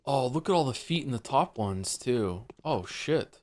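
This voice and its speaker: A man's voice: mid-range voice, lively intonation, unhurried, a little mellow. Rambling male game streamer. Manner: rambling, hesitant, with many fillers and restarts; swears casually when reacting to the game. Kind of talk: casual let's-play commentary.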